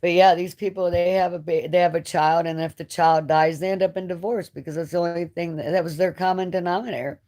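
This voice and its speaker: A woman host in a live-stream chat, talking in an emotional, rambling way with many halting restarts. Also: on the low side, steady tone, warm tone. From United States. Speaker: channel host.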